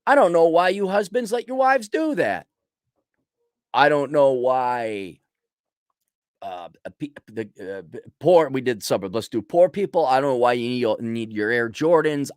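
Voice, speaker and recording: A man's voice: medium pitch, big pitch swings, normal speed, few pauses, a little mellow, no room sound, clean studio sound. A man hosting a casual ranting monologue, blunt and sarcastic. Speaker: host.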